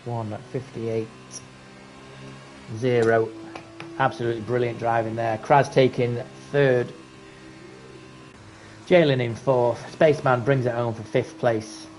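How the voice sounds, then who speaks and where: A man's voice: mid-range voice, slow, pauses often, faint music behind. Chatty man calling a sim race. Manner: casual, chatty, rising excitement at close battles. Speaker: race commentator. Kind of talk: live sim racing commentary.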